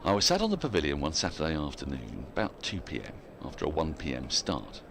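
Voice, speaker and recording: A man's voice: very deep voice, huge pitch swings, quick pace, creaky, noisy background. A man giving live cricket commentary in a chatty way, laughing often and reading out listener emails between the play.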